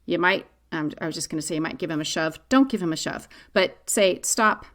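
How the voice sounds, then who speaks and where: A middle-aged woman hosting a parenting podcast, answering a listener's question in a candid, conversational way. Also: fast talker. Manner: candid, conversational, animated pitch swings.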